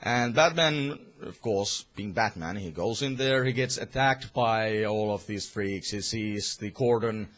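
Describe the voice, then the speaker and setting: A man's voice: on the low side, measured pace, few pauses, fairly bright tone. A young man casually reviewing a comic, rambling with many fillers and some swearing.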